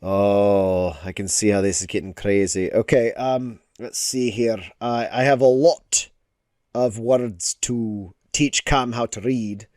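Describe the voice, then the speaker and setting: Slow, rambling man chatting while drawing. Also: lowish voice, steady tone, a little mellow, no room sound, studio quality. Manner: rambling, playful mock-teaching with many fillers. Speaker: digital artist streaming. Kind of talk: casual livestream chat while drawing.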